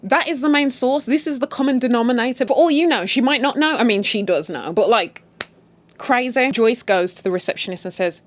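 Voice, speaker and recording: A woman casually recapping a drama series, animated and indignant, swearing freely as she reacts. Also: on the high side, brisk. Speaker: story retell host.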